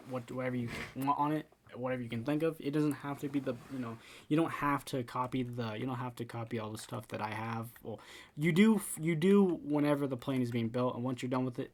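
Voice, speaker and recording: A man's voice: medium pitch, darkish tone. A man giving casual commentary for a game building tutorial, rambling with many repeated words and restarts.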